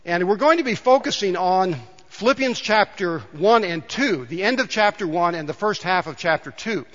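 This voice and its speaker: A man's voice: high voice, animated, moderate pace, fairly bright tone. A man preaching a conversational sermon in a church, often asking the congregation questions. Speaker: pastor. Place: church sanctuary. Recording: dull reverberant church recording.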